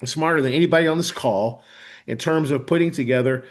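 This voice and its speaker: A man's voice: fairly high pitch, fast. A man hosting a live online webinar demo, talking with enthusiasm and often checking in with "right?". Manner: enthusiastic, frequent "right?" tags. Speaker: host.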